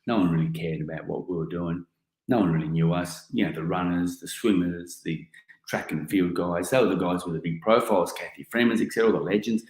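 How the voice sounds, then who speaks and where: An Australian man in his forties giving a keynote talk, telling an animated story full of casual slang. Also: deep voice, fairly quick. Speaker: keynote speaker. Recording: roomy echoing hall.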